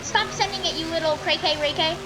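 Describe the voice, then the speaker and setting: Voice put on by a woman: shrill hot-headed young truck guy. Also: steady tone, fairly quick, noisy background. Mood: whiny. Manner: shrill, yelling insults.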